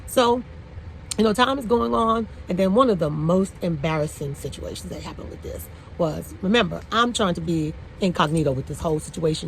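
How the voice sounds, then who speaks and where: A woman's voice: on the low side, expressive, a little fast, slight background noise, poor audio. A woman in her forties, a hairstylist, telling a personal story conversationally with lots of fillers and emotional bursts. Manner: conversational, frequent "you know" fillers, emotional outbursts.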